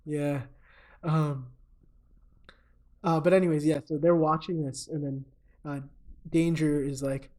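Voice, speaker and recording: A man's voice: fairly high pitch, fairly even intonation, a little slow, long pauses, mellow. Rambling male podcast co-host. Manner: rambling, filler-heavy storytelling. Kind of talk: casual comedic movie recap.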